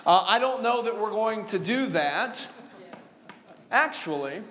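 A man's voice: sits high, lively intonation, fairly bright tone, a little hiss or hum. A male pastor preaching a sermon, joking with the congregation and calling for responses, stretching out key words. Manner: call-and-response preaching, drawn-out emphasis; jokey, laughing asides. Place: church sanctuary.

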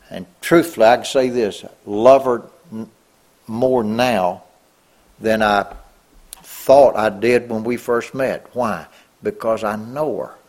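Slow husky-voiced man preaching. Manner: slow, earnest, swelling up on key words then dropping low. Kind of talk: sermon.

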